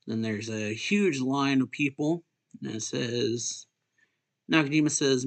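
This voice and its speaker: Casual young male streamer, comic read-along, mid pitch. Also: slow pace. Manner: casual, with fillers and self-corrections. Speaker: streamer reading a comic aloud. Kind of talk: live-stream reading and reaction.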